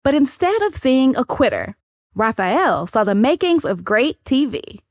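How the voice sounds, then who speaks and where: A woman hosting and narrating a documentary-style podcast in a measured, storytelling way. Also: high-pitched, very animated, no echo, clean studio sound.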